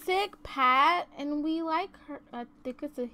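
Brief: woman gaming YouTuber, high voice, giggly, slow chatty commentary. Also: sharp tone, a little hiss or hum. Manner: chatty, giggly, exclaims often. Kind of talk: casual let's-play commentary. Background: faint game music.

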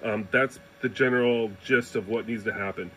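A man's voice: on the low side, steady tone, normal speed, a bit bright, a little hiss or hum, poor audio. A man giving a casual hands-on tutorial, talking loosely and checking in with the viewer as he demonstrates. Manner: informal, loose phrasing, demonstrates while explaining, checks in with "right?". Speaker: 3D printing hobbyist demonstrating.

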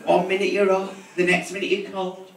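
A man's voice: sits high, monotone, fairly quick, a little hiss or hum. A man doing crude, brassy drag stand-up comedy, teasing the audience as his stage persona. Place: live theatre stage. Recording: echoey hall from far off with crowd. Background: audience laughter.

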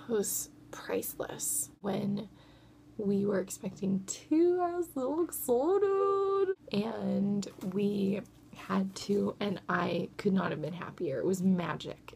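A woman in her thirties chatting casually to camera as a mother vlogger, self-deprecating and at times dropping to a soft whisper. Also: medium pitch, gravelly, slight background noise.

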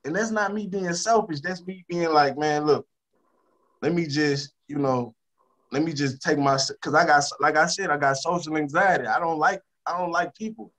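A Louisiana rapper talking casually in an interview, repeating himself for emphasis and turning quieter when he talks about stress. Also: on the high side, normal speed. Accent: Southern US, Louisiana. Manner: emphatic and repetitive, drops to a subdued tone about stress.

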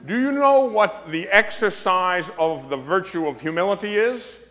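A priest lectures an audience in an emphatic, storytelling way, his pitch swinging up and down as he drives points home. A dry humor runs through his delivery. His voice carries a long reverb from a large hall. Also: expressive, normal speed, a bit bright.

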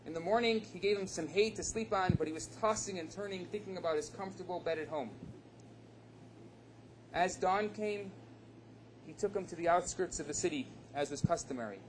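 A rabbi giving a lecture, a dramatic storyteller who acts out the dialogue. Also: male voice, high voice, a little fast, background noise.

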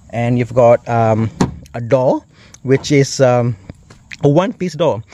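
A middle-aged car reviewer with a Malaysian English accent chats enthusiastically during a car walkaround, exclaiming a lot. His voice is mellow and on the high side.

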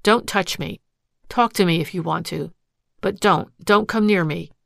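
Hurt, accusing young wife with sharp outbursts, voiced by a woman with a gravelly edge. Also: lowish voice, unhurried, no echo, studio quality, heavily acted. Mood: defiant.

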